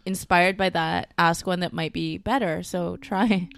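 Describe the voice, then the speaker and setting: A woman's voice: fairly low pitch, fairly even intonation, a little slow, clear, resonant tone, dry recording, clean studio sound. A woman co-hosting a casual podcast, sarcastic and teasing. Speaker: podcast co-host. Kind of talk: casual chat.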